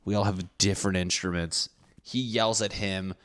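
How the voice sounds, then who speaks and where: Young male podcast host, low voice, casual profane storyteller who mocks himself. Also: fairly even intonation, moderate pace, fairly bright tone. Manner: profane, rambling, self-mocking.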